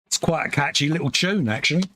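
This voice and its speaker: A man's voice: a little high, quick pace, sharp tone, a little hiss or hum. A British man co-hosting a live painting stream, laid-back and agreeable in casual chat.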